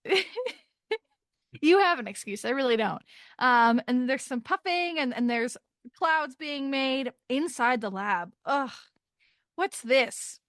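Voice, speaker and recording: A young woman talks through a comic chapter as a podcast co-host, chatty and quick to poke fun at herself. Her voice sits a little high. It is recorded close on a dry mic. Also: lively intonation, a bit bright, no echo. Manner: chatty, self-deprecating, laughs often. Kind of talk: casual chapter recap chat.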